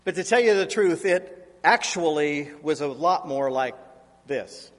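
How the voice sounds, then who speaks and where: A man's voice: a little high, animated, unhurried, long reverb tail. A man in his forties, a pastor preaching a sermon in a church, telling stories in a self-deprecating way. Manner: anecdotal, self-deprecating storytelling. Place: church sanctuary.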